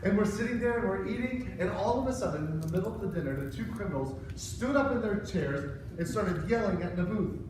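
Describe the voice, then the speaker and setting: A man playing a whiny, childish grown king in an excitable first-person Bible story skit for children. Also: sits high, brisk, hardly any pauses. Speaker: children's church presenter. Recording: echoey hall, far from mic, noisy.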